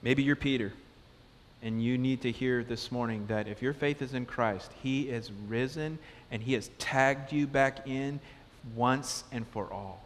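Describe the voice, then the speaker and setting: A man preaching a sermon as pastor, conversational and animated, asking the congregation question after question. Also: mid-range voice, a little slow, slight background noise. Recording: long reverb of a large hall.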